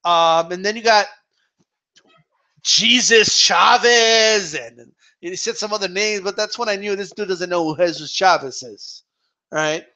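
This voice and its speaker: A man's voice: sits high, fairly even intonation, moderate pace, fairly bright tone. A man hosting a casual boxing talk stream, reading viewer questions aloud, laughing often and talking in slang with casual swearing.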